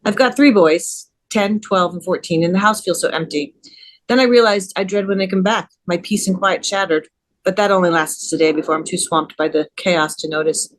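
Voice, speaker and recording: A woman's voice: fairly low pitch, normal speed, natural voice, low-quality recording. A woman reading aloud from her novel and voicing a chatty divorced mother of three boys, breezy and wry. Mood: rueful.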